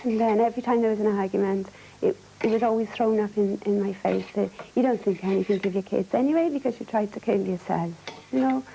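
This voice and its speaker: A middle-aged Welsh woman recounting her experience of abuse, speaking in a halting, low-key way with frequent restarts. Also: vocal fry, dark tone, a little hiss or hum, rough recording. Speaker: domestic abuse survivor. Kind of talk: personal testimony.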